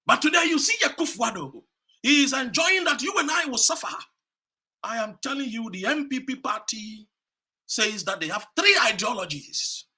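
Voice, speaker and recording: A man from Ghana delivers a fiery political speech with a high, bright, husky voice. His pitch swings widely as he preaches, repeating phrases and rising to shouts. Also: very animated, normal speed. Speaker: political commentator. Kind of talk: impassioned political speech to camera.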